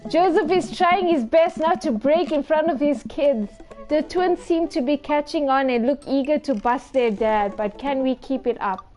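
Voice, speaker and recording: A woman's voice: sits high, moderate pace, a little mellow, faint music behind. A woman hosting a gaming video, reading a dating game's text aloud and adding playful, giggly, teasing asides. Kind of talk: reading a dating game aloud with live commentary.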